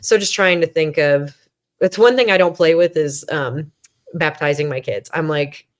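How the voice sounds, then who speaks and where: A woman's voice: low-pitched, moderate pace. A woman in her thirties, a podcast guest, candidly telling a personal story with many fillers and restarts, self-deprecating, acting out her own past thoughts. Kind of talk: conversational storytelling.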